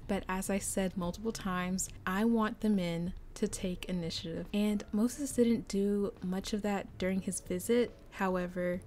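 A young woman giving casual, chatty commentary on her life-sim game, prone to excited, gushing asides. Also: medium pitch, a little hiss or hum. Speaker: gameplay commentator.

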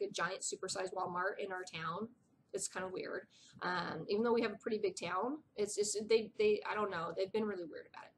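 A woman's voice: medium pitch, fairly bright tone. Chatty middle-aged lady rambling to her viewers, whispers now and then, some faint hiss behind. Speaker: vlogger. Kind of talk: casual chat.

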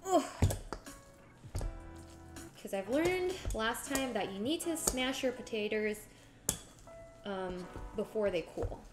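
A woman streams herself cooking, chatting casually with viewers and narrating every step. Her voice sits on the high side and is animated, with a slow pace and frequent pauses, while background music is clearly audible.

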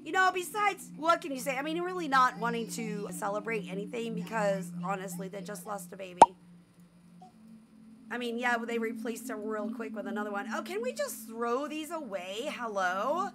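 A woman casually commenting on her own gameplay, excitable and full of exclamations, often laughing. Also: a little high, moderate pace, noisy background. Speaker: gameplay streamer. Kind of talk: casual let's-play commentary.

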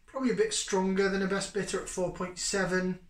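A man's voice: high-pitched, little pitch movement, brisk. Chatty man hosting a beer review. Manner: chatty and rambling with many fillers. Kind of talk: casual beer review chat. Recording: echoey room.

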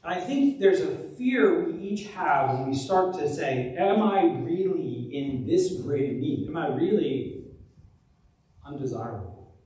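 A man's voice: on the high side, animated, a little slow, a little mellow, recorded from a distance. A man preaching a conversational sermon as pastor, often restarting and repeating words. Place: church sanctuary. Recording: very echoey church live stream from afar.

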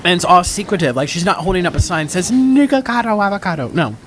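A mukbang vlogger speaks in a high-pitched, rapid-fire voice as he eats on camera, talking casually into his own microphone over background noise. His story is rambling, chatty, and dramatic, and he keeps interrupting himself.

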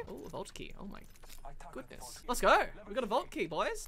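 A woman giving jumpy, excitable in-character commentary over gameplay, often breaking into shouts. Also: mid-range voice, a little fast, a crowd in the background. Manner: jumpy, bursts into shouts and laughter. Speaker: gamer. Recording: loud gunfire from the game behind.

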